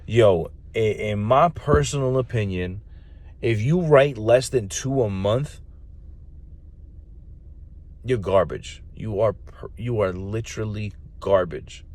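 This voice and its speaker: Deep voiced guy, blunt and cussing, chill podcast rant about recruiting. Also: slow pace, darkish tone. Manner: blunt, profane, street slang. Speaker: podcast host, Marine recruiter. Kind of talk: casual chat.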